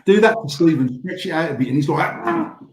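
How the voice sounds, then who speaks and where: A man's voice: a little high, animated, fast talker, roomy sound, low-quality recording. A British man in his forties telling rambling stories in casual banter, swearing freely. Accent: British English. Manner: rambling storytelling, frequent swearing. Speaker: podcast host.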